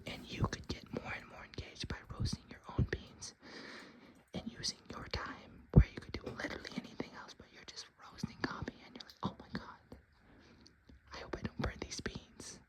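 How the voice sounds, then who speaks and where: A man's voice: moderate pace, close to an everyday voice. A man whispering as a mock-solemn ASMR coffee guru, in whispered role-play. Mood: mock-serene.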